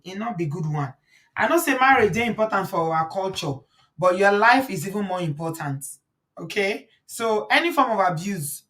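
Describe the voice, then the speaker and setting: A woman's voice: on the low side, a bit bright. A woman with a Nigerian accent hosting a casual livestream, chatty and preachy, often breaking into laughter. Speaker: livestream host. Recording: voice a bit far from the mic.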